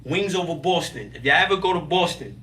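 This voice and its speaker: High bright-voiced man telling street stories. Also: brisk, far from the mic. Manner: animated, streetwise slang, emphatic outbursts. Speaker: guest. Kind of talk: casual interview storytelling.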